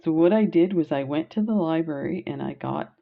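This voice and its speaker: A woman's voice: low voice, brisk, gravelly, narrow, tinny audio. A woman from Canada who tells stories in a chatty, rambling way while beading, often laughing. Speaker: beading vlogger. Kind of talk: casual storytelling while beading.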